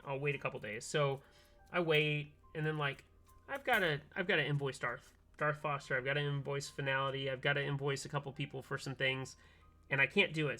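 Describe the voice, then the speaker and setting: A man streaming from his workbench, telling a long story in animated casual chat and acting out both sides of a phone call. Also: a little high. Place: home workbench, soldering keyboards.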